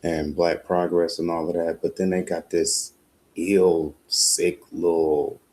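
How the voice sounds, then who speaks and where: A man's voice: low-pitched, level tone, slow pace, a little mellow. A man hosting a late-night show, talking in a blunt, profane, emphatic monologue. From United States. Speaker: podcast host. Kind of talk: casual monologue.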